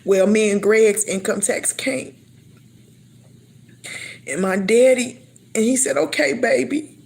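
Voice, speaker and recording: A woman's voice: a little high, steady tone, takes it slowly, creaky, darkish tone. Emotional middle-aged woman giving testimony. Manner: emotional storytelling, acting out her own past dialogue; repeats words and restarts often. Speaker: speaker sharing a faith testimony. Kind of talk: personal testimony.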